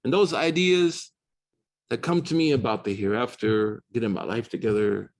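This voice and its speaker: An American man giving a casual classroom lecture on religious texts, animated and slangy, switching into quick recitation. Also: medium pitch, gravelly. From United States. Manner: fast, slangy, animated storytelling with Arabic recitation. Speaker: Islamic studies teacher. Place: university classroom.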